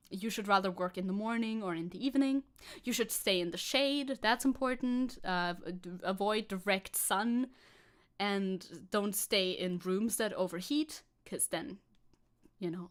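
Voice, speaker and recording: A woman streamer giving casual sarcastic commentary as she reads posts aloud, laughing often and rambling with restarts. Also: mid-range voice.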